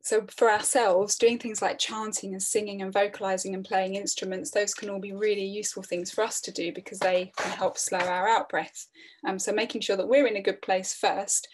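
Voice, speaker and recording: Middle-aged woman giving a webinar, calm earnest talk, pretty flat tone, lots of restarts. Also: medium pitch, a little fast, a little hiss or hum. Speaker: webinar presenter. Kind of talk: online training talk.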